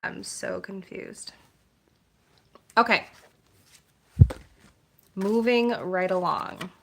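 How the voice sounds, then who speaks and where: A woman speaks slowly and softly as she reads oracle card messages in a gentle, measured tone. She drifts into loose, rambling chat with her live viewers, full of filler words and restarts. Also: medium pitch, vocal fry, a little hiss or hum. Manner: slow, soft-spoken, meandering with filler words.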